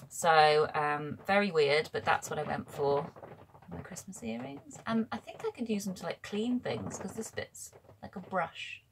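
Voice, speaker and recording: A woman's voice: on the low side, moderate pace, gravelly, slight background noise. A woman chatting to camera as a book vlogger, rambling and correcting herself as she goes. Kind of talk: casual chat to camera.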